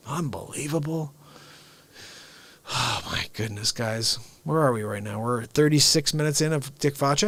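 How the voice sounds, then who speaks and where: A man hosting a livestream, riffing comedically and swinging between loud shouts and hushed whispers. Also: mid-range voice, big pitch swings, unhurried, vocal fry, husky, no room sound. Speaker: livestream host. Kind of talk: rambling comedic riff.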